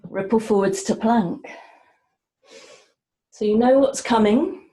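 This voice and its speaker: A woman yoga teacher calmly guiding a class through breathing and movement, cueing each breath. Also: on the high side, roomy sound, poor audio. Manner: slow, soft-spoken cueing of breath and movement. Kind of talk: guided yoga class instruction.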